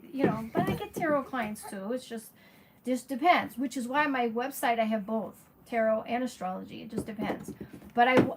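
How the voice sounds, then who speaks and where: Chatty frank woman astrologer, noisy background. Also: fairly high pitch. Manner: chatty, frank, answers viewers by name. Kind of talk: casual livestream chat. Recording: steady background noise.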